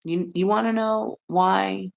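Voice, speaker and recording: Middle-aged american lady ranting on a livestream, swears a lot, laughs, gets loud then quiet, kinda gravelly. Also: mid-range voice, fairly even intonation, slow pace. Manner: brash, profane, laughs often, swings loud and soft. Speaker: livestream host. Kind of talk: rambling livestream rant.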